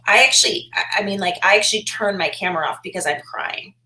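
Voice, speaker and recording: Woman podcast guest, rambling and animated, roomy recording. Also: medium pitch, normal speed. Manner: rambling, many "like" fillers, animated quoting. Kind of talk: casual interview chat. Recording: roomy echo.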